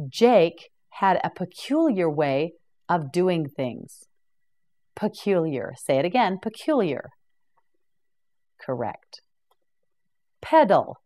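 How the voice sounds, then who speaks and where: Slow, deliberate woman teaching vocabulary. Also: on the low side, a little mellow. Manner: repeats each word slowly and evenly, with brief praise. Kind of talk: slow, clear vocabulary drill for beginners.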